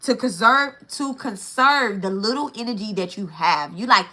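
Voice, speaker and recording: Woman, spiritual teacher, bright ringing voice, casual and profane, repeats herself for emphasis. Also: mid-range voice, moderate pace, hardly any pauses. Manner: blunt and profane, with frequent checks of "right?" and "okay?"; repeats key phrases for emphasis.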